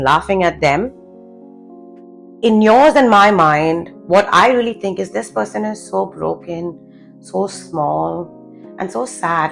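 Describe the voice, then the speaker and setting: Her voice fairly low and gravelly, a woman confidence coach rants bluntly to camera, cursing and driving home rhetorical questions as motivation. The recording is rough.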